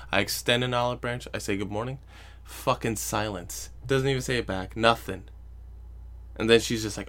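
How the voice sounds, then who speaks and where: A man's voice: medium pitch, moderate pace, a bit bright. Young guy venting on his podcast, cussing a lot, exasperated, mocks people in little voices. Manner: profane, exasperated storytelling with mocking quoted voices. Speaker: podcast host. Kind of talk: casual solo podcast rant.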